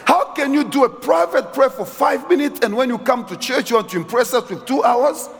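Animated preacher, husky voice, church reverb. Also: male voice, a little fast. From South Africa. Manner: animated, shifts from low asides to shouted exhortation. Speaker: guest preacher. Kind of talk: sermon. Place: large church hall.

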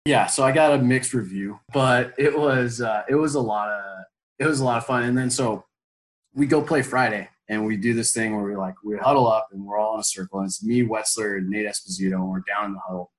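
A man in his twenties telling a story as an interview guest, animated and full of fillers, bursting into loud quoted pep talks. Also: lowish voice, brisk, poor audio. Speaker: former college baseball player, guest.

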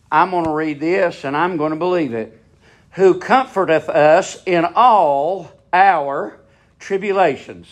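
A man preaching a sermon in a fervent, repetitive cadence. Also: high-pitched.

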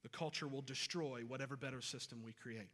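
A pastor preaching a Sunday sermon, talking conversationally and then building to emphatic, repeated phrases. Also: male voice, medium pitch, steady tone, a little fast, pushed and bright. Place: church sanctuary. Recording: long reverb of a large hall.

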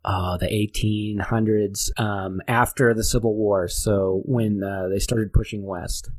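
A man from New Hampshire, a race director, chatting casually as a podcast guest, swearing freely and often pausing with fillers. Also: lowish voice, flat delivery, a little mellow, dry recording. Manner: laid-back, swears casually, halting fillers.

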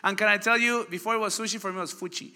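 A man preaching a sermon, telling lively stories and asking the congregation questions. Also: high voice, rapid-fire, clear, resonant tone. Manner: animated storytelling, asks the crowd questions. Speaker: pastor. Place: church hall. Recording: church hall reverb.

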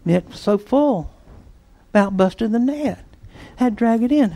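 A man with a notably high voice preaches, telling a story with lively swings in force. He leaps to loud bursts, then drops into hushed, near-whispered lines. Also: unhurried. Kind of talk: storytelling sermon.

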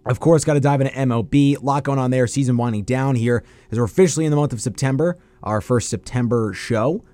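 Young male sports radio host, lively rundown, student-station feel. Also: mid-range voice, quick pace, no room sound. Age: young adult.

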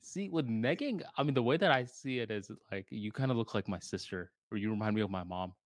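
A man's voice: on the low side, brisk, no echo. A man co-hosting a podcast in casual chat, laid-back and slangy, retelling scenes with little voices. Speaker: podcast co-host.

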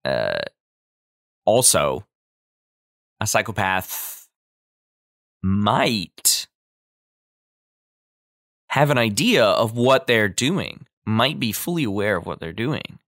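Man breaking down a film, dry and bright. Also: fairly low pitch, big pitch swings, slow pace, pauses often, no room sound. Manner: loose, filler-heavy, acts out quoted lines. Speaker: film commentator. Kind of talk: casual film analysis.

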